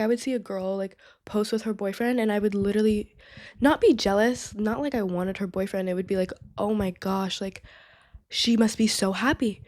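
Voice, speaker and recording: This young woman hosts her own podcast and talks solo in a casual, chatty way, her medium-pitched voice a little mellow. She leans heavily on "like" and "you know what I mean."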